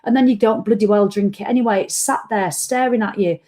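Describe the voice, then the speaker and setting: A woman's voice: medium pitch, fairly quick, warm tone. A tired woman, ranting bluntly and swearing freely as she hosts a casual live-stream chat. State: tired after a run. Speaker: vlog host.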